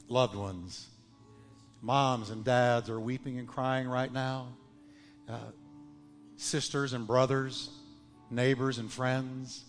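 A pastor preaching a sermon in a church, swinging between loud, ringing calls and hushed, low lines. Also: male voice. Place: church sanctuary. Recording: long hall reverb with faint music.

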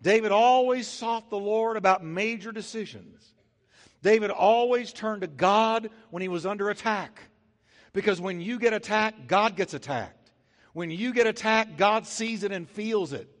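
A man preaching from the pulpit in a high, bright-edged voice, swinging from near-whispers to loud bursts and acting out everyday scenes in playful voices. His words ring out through a long hall echo in the church sanctuary. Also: unhurried. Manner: emphatic preaching with sudden loud and soft swings; acts out little scenes with comic voices. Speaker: pastor. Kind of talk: sermon.

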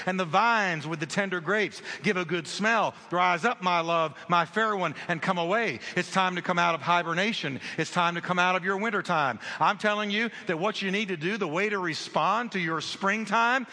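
A pastor preaching in a big church, his fairly high, bright voice ringing through a long hall reverb. He swings from loud calls to the congregation down to quiet, intimate passages, with a lively, animated pitch throughout. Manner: preaching with big swings between loud exhortation and hushed, low storytelling. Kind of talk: sermon.

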